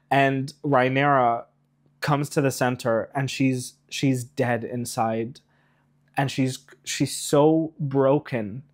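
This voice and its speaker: A man in an excited spoiler rant reviewing a TV episode, animated, rushing ahead and getting emotional along the way. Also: medium pitch. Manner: animated, rushes and trails off, emotional asides. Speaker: YouTube reviewer.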